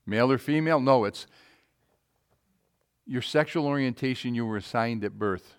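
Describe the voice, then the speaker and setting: A man preaching a sermon, with emphatic calls that swing to quiet, low asides. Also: normal speed, clean tone.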